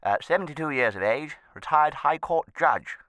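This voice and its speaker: Comic character: a man doing a posh, fussy judge in his seventies, rambling and hesitant, lively bright voice, dry recording. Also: a little high, moderate pace, no echo. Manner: rambling, fussy and hesitant, with many false starts. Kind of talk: comic phone message monologue.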